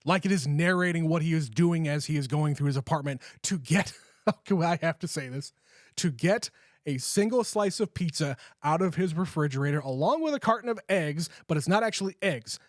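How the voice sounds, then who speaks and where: Young guy cohost, kinda high voice, laid back, walks through movie scenes, dry close mic. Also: expressive, brisk, dry recording. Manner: easygoing, recounts scenes in detail. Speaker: podcast co-host. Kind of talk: casual movie review chat.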